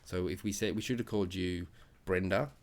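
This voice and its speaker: A man's voice: low-pitched, steady tone, brisk, darkish tone. A middle-aged man co-hosting a casual family podcast chat. He talks in a chatty, upbeat and encouraging way. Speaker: podcast co-host.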